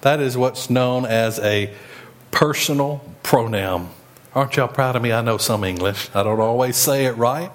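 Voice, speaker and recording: A man's voice: mid-range voice, normal speed. A man preaching a sermon in a folksy, emphatic way. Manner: folksy, emphatic preaching with rising and falling delivery. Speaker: pastor.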